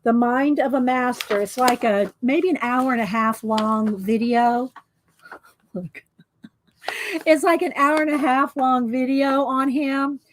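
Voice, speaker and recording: A woman's voice: high-pitched, slow pace, slight background noise. Chatty woman rambling through her art books. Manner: rambling, chatty, many fillers and restarts. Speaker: art book vlogger. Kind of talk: casual show-and-tell chat.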